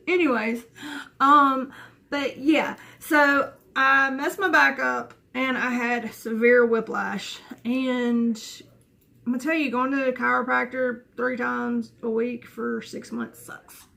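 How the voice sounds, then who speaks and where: A woman's voice: on the high side, steady tone, slow, gravelly, pushed and bright. A woman, telling a personal story to camera in a rambling, chatty way full of restarts and asides. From Southern United States. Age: 20s. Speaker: vlogger.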